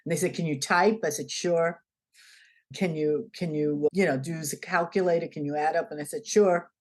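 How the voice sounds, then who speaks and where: A woman's voice: deep voice, normal speed. A woman being interviewed, telling a story in a conversational way and acting out the dialogue as she goes. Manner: animated, acts out the dialogue in her stories. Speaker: interview guest.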